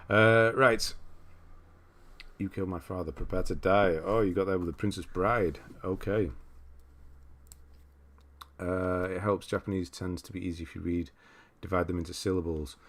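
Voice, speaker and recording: A man with a deep, low-pitched voice hosts a casual livestream. He rambles easily, reads viewer comments aloud and answers them as he goes. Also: steady tone, normal speed, a bit bright. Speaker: livestream host.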